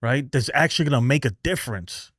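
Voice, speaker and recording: A man's voice: mid-range voice, lively intonation, fairly quick, a bit bright, no echo. A man ranting on his live sports stream, exasperated and profane, circling back to the same points with scoffing laughs. His voice sits in an ordinary middle range. The sound is dry and close to the mic. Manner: angry, exasperated ranting with swearing; repeats himself and restarts, laughs in disbelief. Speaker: livestream host.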